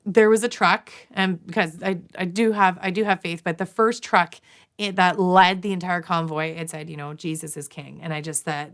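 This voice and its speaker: In a lowish, slightly bright voice, a nurse from Canada in her thirties recounts a lengthy personal story as an interview guest. The conversation is casual, and she leans on fillers, restarts and quoted asides.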